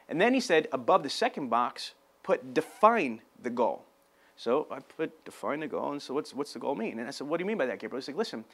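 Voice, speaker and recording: A man giving a motivational business talk, loud and emphatic, acting out dialogue as he tells a story. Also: mid-range voice. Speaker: sales trainer.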